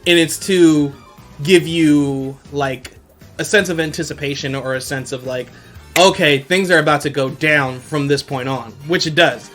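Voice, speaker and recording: A man's voice: a little high, unhurried, a bit bright, soft background music. A man hosting a casual solo podcast, recapping an anime in a slangy way and laughing often as he retells scenes. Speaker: podcast host.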